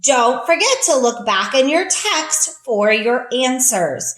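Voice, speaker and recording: A woman's voice: high voice, big pitch swings, slow, a bit bright. A woman teacher giving a patient, encouraging reading lesson for young children, explaining each step as she goes.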